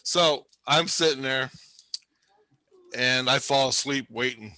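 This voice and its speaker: A man's voice: mid-range voice, takes it slowly, sharp tone, dry recording. A man telling a rambling, profane story in casual chat, laughing often.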